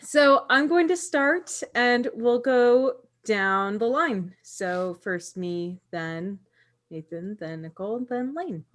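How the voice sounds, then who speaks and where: A woman's voice: on the high side, lively intonation, slow. A woman running a tabletop game on a livestream, upbeat and guiding the others. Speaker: game organizer.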